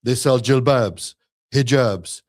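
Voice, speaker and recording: A man co-hosting an Islamic live stream in casual chat, giving upbeat sponsor shout-outs. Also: medium pitch, slow pace.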